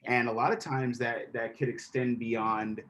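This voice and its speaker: A man's voice: mid-range voice, level tone, unhurried, a bit bright. A man who works as a DJ and producer, chatting on an online panel in a friendly way and jumping in to add his points. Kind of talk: panel discussion.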